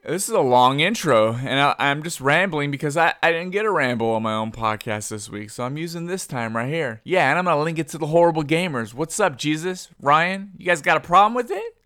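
A young man rambles through a podcast intro in a goofy, self-deprecating way. His voice is bright and forward. The sound is close and dry, with no room around it. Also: on the high side, expressive, a little fast, hardly any pauses, no echo. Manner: conspiratorial hushed teasing at the start. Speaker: podcast host.

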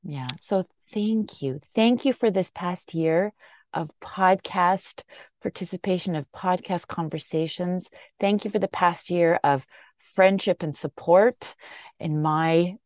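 A woman hosting a podcast, effusive with warm thanks and quick asides in a casual chat. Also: lowish voice, no room sound, studio quality. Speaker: podcast host.

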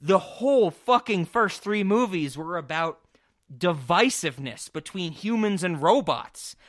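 Excitable swearing man, slightly high voice. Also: unhurried, no echo, studio quality. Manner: excitable, swears freely, rambling with restarts. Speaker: podcast co-host. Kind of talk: casual film discussion podcast.

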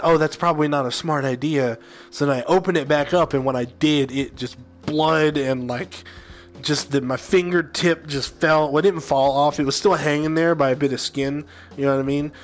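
A young man casually telling personal stories to his viewers in a rambling way, full of fillers and asides. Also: fairly high pitch. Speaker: gaming video host.

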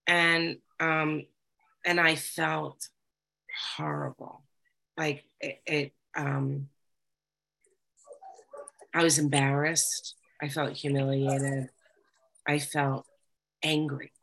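A woman's voice: deep voice, flat delivery, slow, vocal fry, long pauses, pushed and bright. A woman giving candid personal testimony to a group, talking conversationally with frequent fillers. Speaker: recovery group speaker.

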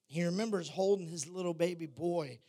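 A man delivers a sermon, his voice sitting fairly high for a man. He preaches in a chatty, storytelling way and pokes fun at himself as he goes. He sounds like he is in his thirties. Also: a little fast, warm tone. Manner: storytelling, chatty, self-deprecating humor.

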